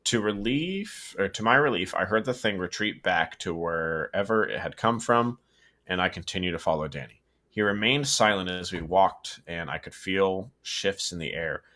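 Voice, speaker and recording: A man's voice: sits low, animated, normal speed, sharp tone. A man casually reading a horror story aloud, stumbling, correcting himself and adding asides. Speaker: story reader and co-host.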